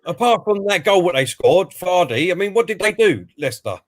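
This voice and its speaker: A man chatting football on a computer video call, agreeable and casual, with the odd swear word. His voice is high for a man, and the sound is dry with no room echo. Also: big pitch swings, brisk. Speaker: fan pundit. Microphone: computer mic on video call.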